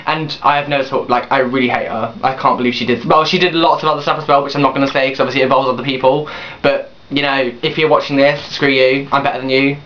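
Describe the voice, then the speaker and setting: A man's voice: mid-range voice, fairly even intonation, fast, few pauses, a bit bright, slight background noise. A young man in his late teens telling a personal story on his vlog, rambling with restarts and blunt swearing. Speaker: vlogger. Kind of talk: casual confessional storytelling. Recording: dull lo-fi webcam recording.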